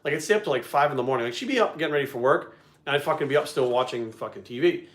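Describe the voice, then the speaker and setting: A man telling a story in casual chat, animated and full of swearing. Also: medium pitch, rapid-fire. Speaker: video creator and host. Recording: echoey room.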